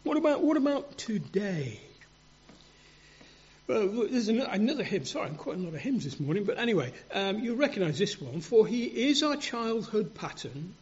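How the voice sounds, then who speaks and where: Male preacher, earnest and halting; lively high voice, dull lo-fi recording. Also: breathy edge. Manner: earnest, halting with many repeats and restarts. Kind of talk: sermon. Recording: dull lo-fi sound.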